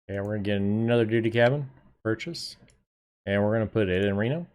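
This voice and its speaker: Laid-back low-voiced male game streamer. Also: quick pace, darkish tone. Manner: chatty, laid-back, swears casually, talks to chat. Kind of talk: casual live gameplay commentary.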